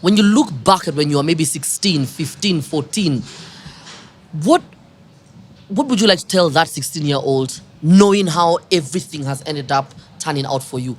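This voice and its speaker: A woman's voice: low-pitched, expressive, normal speed, darkish tone, a little hiss or hum. A woman with a South African accent hosting a podcast interview, chatty and teasing, with frequent laughter. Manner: bubbly, laughs often, teasing. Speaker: podcast host. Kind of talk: casual interview chat.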